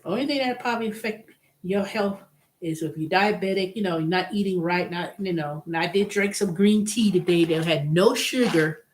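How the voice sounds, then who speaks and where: A woman's voice: fairly low pitch, moderate pace, a little hiss or hum. A woman hosting her own vlog, talking casually and bluntly with strong emphasis, moving from exasperation to delight. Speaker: vlog host. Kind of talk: casual solo rant.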